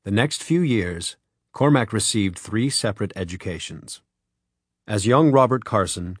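This is scripted audiobook narration by a man with a fairly low-pitched voice, delivered in a measured, even storytelling style. The sound is clean studio audio with no room sound.

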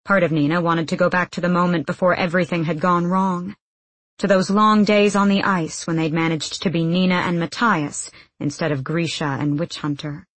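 A woman narrating an audiobook in a measured, even way. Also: fairly low pitch, no room sound, rough recording.

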